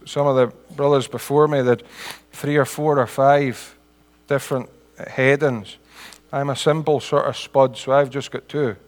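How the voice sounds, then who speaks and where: A man's voice: medium pitch, in a large hall. A middle-aged man with a Scottish accent preaching a sermon in an earnest, homely way, building to emphatic peaks.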